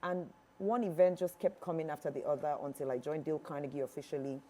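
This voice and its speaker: A woman with a Nigerian accent, a public speaking trainer, answering interview questions in a lively way and often acting out quoted voices. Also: deep voice, fast talker. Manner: animated, acts out quoted voices.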